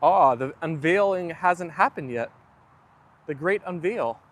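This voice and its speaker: A man's voice: a little high, lively intonation, a little slow. A young man hosting a casual livestream, chatting and reading viewer comments aloud. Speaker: livestream host. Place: outdoors near a garden.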